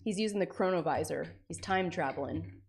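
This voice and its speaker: A woman's voice: fairly low pitch, fairly quick, vocal fry, slightly rough. A woman streamer chatting casually with her viewers, rambling and sprinkling in lots of "like" and "frickin'". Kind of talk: casual live-stream chat.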